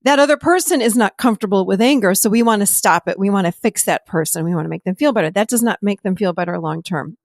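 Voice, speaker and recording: A woman's voice: mid-range voice, fast, hardly any pauses, no echo, studio quality. A woman hosting a podcast, explaining in a casual, conversational teaching way and often acting out quoted dialogue with animation. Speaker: podcast host and therapist.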